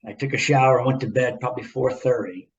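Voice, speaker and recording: Man, mid-pitched podcast co-host, spins a rambling story full of repeats; audio a bit muffled. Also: fairly quick, slight background noise. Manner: animated, rambling anecdote with repeats and asides. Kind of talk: casual storytelling chat.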